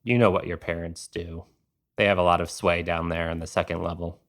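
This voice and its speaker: A man's voice: sits low, flat delivery, fairly quick, a bit bright. A man voicing a weary demonic bureaucrat scribe who speaks in bored, clipped official phrases.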